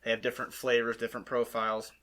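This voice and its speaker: A man hosting a relaxed chat and explaining things with plenty of ums. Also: medium pitch, very fast. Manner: explains with many ums, chatty. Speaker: host. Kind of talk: casual chat.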